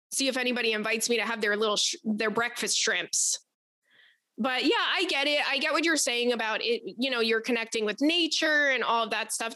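A young woman hosts a casual advice podcast with a fairly high voice. She rambles through her stories in an animated way and swears freely. The recording is dry and close to the mic. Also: no room sound. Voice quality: animated, profane, rambling storyteller. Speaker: podcast host.

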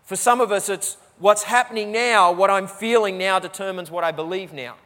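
Male pastor, high voice, preaching in a church hall with long reverb, repeats phrases for emphasis. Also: normal speed, fairly bright tone. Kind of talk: sermon.

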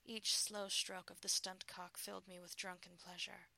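A woman narrating a first-person adult story in a soft, breathy, intimate way. Her voice is lowish with a gravelly fry and a bright, forward tone. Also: flat delivery, normal speed. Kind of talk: scripted first-person erotic story reading.

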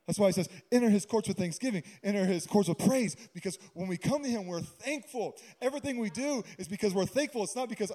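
Pastor, male, higher pitch, mellow tone, casual preaching with jokes. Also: expressive, fast, few pauses. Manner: conversational preaching with humorous asides. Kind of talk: sermon.

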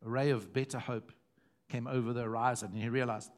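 A middle-aged man preaching a sermon, repeating phrases and swinging between hushed and loud. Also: mid-range voice, fairly even intonation, brisk. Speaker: pastor.

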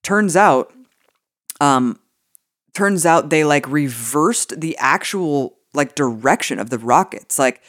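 A woman's voice: low-pitched, expressive, slow pace, no room sound, clean studio sound. A woman co-hosting a political podcast, talking casually and indignantly, swearing freely and using many "like" fillers. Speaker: podcast co-host.

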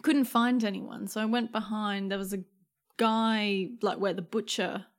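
A woman's voice: medium pitch, unhurried. A young woman co-hosting a podcast, telling stories in casual chat, acting out quotes and laughing often. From Australia. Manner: animated storytelling, acts out quotes, laughs often. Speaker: podcast co-host.

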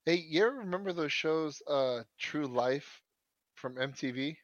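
A man's voice: fairly high pitch, expressive, unhurried, dry recording, muffled recording. A man co-hosting a podcast in casual chat, slangy and profane, often tacking on "man.". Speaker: podcast co-host.

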